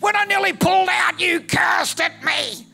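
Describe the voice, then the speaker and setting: A man voicing a furious middle-aged woman driver who shouts accusations. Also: very high-pitched, moderate pace, vocal fry, soft background music, pitched above the performer's own voice, heavily acted.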